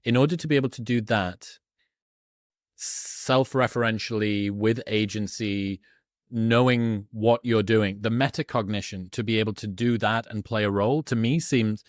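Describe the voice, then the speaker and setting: A man's voice: fairly low pitch, fairly even intonation, moderate pace, dry recording, clean studio sound. A man hosting a podcast, thinking aloud and searching for his words. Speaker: podcast host. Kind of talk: conversational podcast interview.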